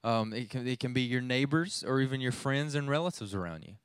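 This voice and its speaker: A man's voice: mid-range voice, brisk, smooth, no room sound. A youth pastor in his thirties preaching a sermon, telling a family story in a conversational way with many restarts.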